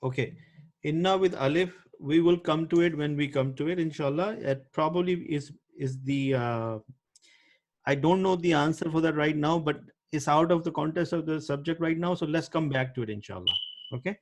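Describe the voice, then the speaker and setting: A man's voice: on the high side, moderate pace. A man teaching Arabic grammar over a video call, patiently quizzing his students by name. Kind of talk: online class teaching.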